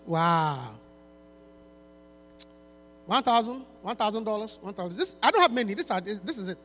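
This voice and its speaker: A man's voice: high-pitched, very animated, moderate pace, a bit bright, slight background noise. A man preaching in a church service, pleading and repetitive, often restarting his words as he urges people forward to give. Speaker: pastor launching a book.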